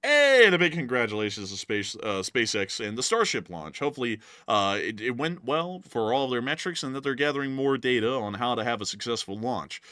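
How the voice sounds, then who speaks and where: A man's voice: big pitch swings, sharp tone, no room sound, studio quality. A man hosting a live stream and answering super chats casually, with a slightly strained voice and plenty of "uh" fillers. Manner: casual, drawn-out fillers, with sudden pitch jumps. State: voice feels strained. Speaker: show host.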